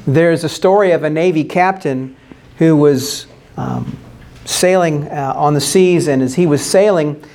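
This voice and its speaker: A man's voice: on the high side, measured pace, a little mellow. A man preaching a sermon as pastor, earnestly explaining scripture and posing rhetorical questions.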